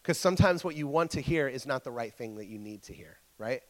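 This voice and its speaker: A man's voice: mid-range voice, animated, a little fast, in a large hall. A man preaching a casual sermon to a church group. He stumbles over his words, repeats himself and keeps checking in with the listeners.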